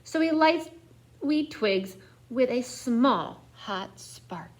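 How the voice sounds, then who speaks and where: Young woman, children's storyteller, picture-book read-aloud, slow, slightly high voice, expressive. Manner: expressive, dips into whispers.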